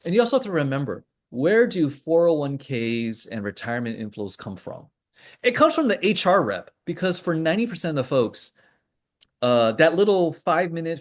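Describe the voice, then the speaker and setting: A man hosting a casual trading call, rambling through charts with joking asides and lots of fillers. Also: mid-range voice. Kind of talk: casual screen-share commentary.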